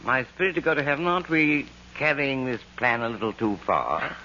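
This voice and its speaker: An actor playing a harried, henpecked husband with a dry, grumbling wit, in 1940s radio comedy acting. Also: male voice, medium pitch, animated, fairly quick, pushed and bright. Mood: reluctant. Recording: dull, lo-fi old radio broadcast with faint hiss.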